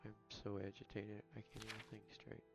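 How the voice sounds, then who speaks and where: A man talks through his fantasy game in a low, gravelly voice, stammering and repeating himself as he vents. Game music plays loudly under his voice. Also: monotone, fairly quick. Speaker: gamer streaming a playthrough. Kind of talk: casual gameplay commentary.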